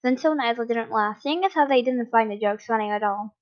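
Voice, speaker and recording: A woman reading fan fiction aloud in a plain, steady way with small slips. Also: on the high side, quick pace. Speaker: reader. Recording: dull lo-fi recording.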